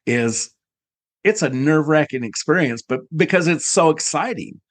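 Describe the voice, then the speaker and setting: Male podcast host, halting and searching for words, dry close recording. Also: a little high, animated, no room sound. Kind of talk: conversational interview.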